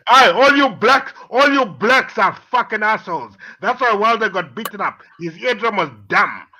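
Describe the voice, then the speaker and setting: Caller: man, high, animated delivery, ranting and taunting in a heated stream argument. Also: moderate pace. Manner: abusive, shouting insults, taunting.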